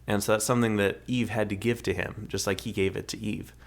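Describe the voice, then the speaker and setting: Guy with a lowish voice doing a casual movie review podcast, rambly, keeps restarting. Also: steady tone, quick pace. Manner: rambling, restarts, acts out characters' lines. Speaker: podcast co-host.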